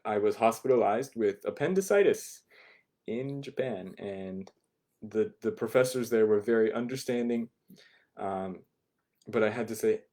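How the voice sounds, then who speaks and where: A man's voice: mid-range voice, a little mellow. A man teaching a beginner language class online, explaining phrases patiently and often checking in with "right?". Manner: repeats phrases slowly for learners.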